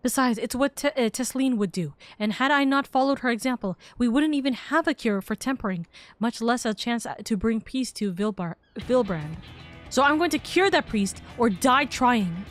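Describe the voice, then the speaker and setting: A woman voicing a determined young woman healer who speaks resolutely, her voice hoarse. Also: fairly high pitch, lively intonation, no echo, faint music behind, close to an everyday voice. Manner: resolute, brisk.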